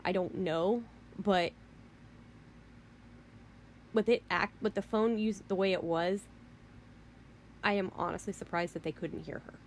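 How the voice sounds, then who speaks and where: A woman vlogger rants straight to camera, piling up restarts and repeated phrases as she presses her point. Her voice sits at an ordinary middle pitch for a woman. A faint noise runs under the talk. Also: fairly even intonation, a little slow, pauses often. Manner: emphatic, rambling, repeats herself. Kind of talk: ranting monologue.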